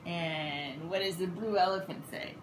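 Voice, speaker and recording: A woman's voice: fairly low pitch, measured pace, reverberant. A woman playing an animal-sound game with a small child, asking sing-song questions and imitating animal noises. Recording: noisy home video.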